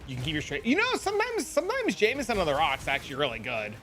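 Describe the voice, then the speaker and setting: A young man in his twenties chats with his stream audience in a slightly high, bright, forward voice. He swears constantly and leans on dude and bro while spinning excitable stories, with faint music under him. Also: fast. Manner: loose and heavily profane, peppered with dude and bro; excitable storyteller. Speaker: livestream host. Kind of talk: casual livestream chat with viewers.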